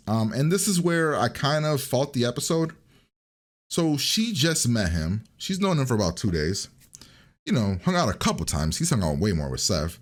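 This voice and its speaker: A man's voice: fairly low pitch, expressive, brisk. A man casually recapping a TV episode in a rambling, chatty way, with lots of fillers and restarts. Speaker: reaction video host.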